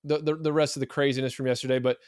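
A man co-hosting a casual sports podcast, opinionated and animated, with many fillers and restarts. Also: medium pitch, very fast, clean tone, no room sound, studio quality. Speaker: podcast co-host.

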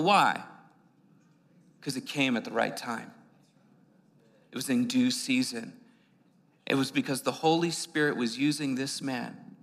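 A man's voice: mid-range voice, gravelly, fairly bright tone. A man preaching a conversational sermon in a church, often repeating words and using fillers as he goes. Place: church sanctuary. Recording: long hall reverb.

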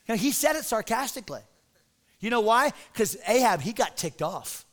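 A male pastor preaching a sermon in an animated, dramatic, conversational way. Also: high-pitched, moderate pace.

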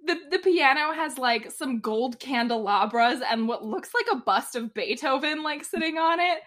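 A woman co-hosts a podcast in a high-pitched, animated, fairly bright voice at normal speed. She chats casually recapping a TV episode, laughing often and filling her talk with "like."

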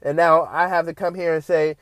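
A man hosting a podcast, talking in a loose, animated ramble full of fillers. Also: on the high side, fairly quick, no room sound. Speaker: podcast host. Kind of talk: casual monologue.

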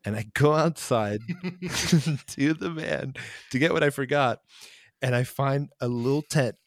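A young man hosting a podcast, telling band stories in a rambling, halting way. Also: medium pitch, no room sound, studio quality. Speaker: podcast host, band member. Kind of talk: casual chat, storytelling.

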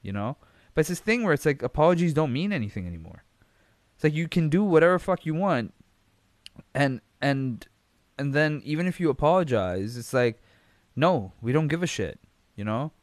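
A man's voice: a little high, sing-song, fairly quick, no room sound. A young adult man hosting a podcast on his own, talking casually and frankly, rambling with lots of fillers and swearing freely. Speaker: podcast host. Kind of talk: casual solo commentary.

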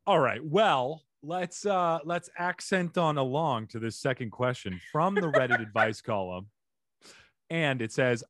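A podcast co-host chatting casually, voice swooping through a lively range and breaking into laughs. The sound is close and dry, with no room echo at all. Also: mid-range voice, normal speed. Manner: animated, laughs often, slips into goofy impressions. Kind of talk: casual comedic chat.

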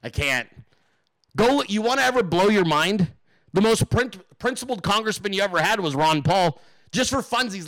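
A man's voice: high-pitched, a bit bright, no room sound. A man hosting a political livestream, ranting in an emphatic, profane, rambling way and talking straight to his viewers and chat. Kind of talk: casual profane political rant.

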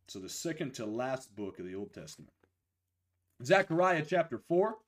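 A young man preaching a live-streamed sermon, a little hoarse from losing his voice, slowing down to stress key phrases and greeting viewers by name. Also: mid-range voice, sing-song.

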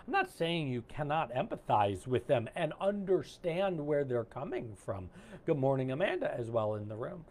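Man, online coaching host, video call, casual, rambling, fillers, animated, lively pitch. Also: moderate pace. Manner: animated, warm-hearted, rambling with many fillers. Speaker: coach hosting an online gratitude session. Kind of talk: casual live-stream talk.

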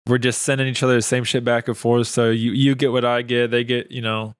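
Smooth, dry-voiced laid-back podcast guy. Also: medium pitch, flat delivery, a little fast, dry recording. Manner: laid-back, laughs often, explains things. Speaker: podcast co-host. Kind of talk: casual podcast banter.

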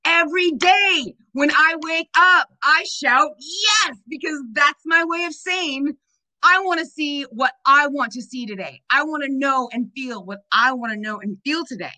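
Brief: upbeat woman on a video call, fairly high, bright and forceful voice, emphatic. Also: normal speed, low-quality recording. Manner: upbeat, emphatic, laughs often. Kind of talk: casual chat on a video call.

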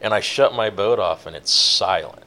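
A man telling a long fishing-boat story in a relaxed, rambling interview, with many fillers. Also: deep voice, normal speed. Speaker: guest, offshore fishing boat captain.

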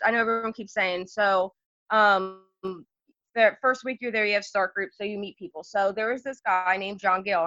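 A young woman telling a story in casual conversation, animated, with many fillers and asides. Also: mid-range voice, no echo, muffled recording.

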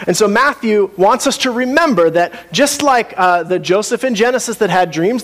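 A man's voice: high voice, a bit bright. A man preaching a sermon in a conversational way, asking the congregation questions and often restarting his sentences. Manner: conversational, with frequent restarts and asides. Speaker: pastor.

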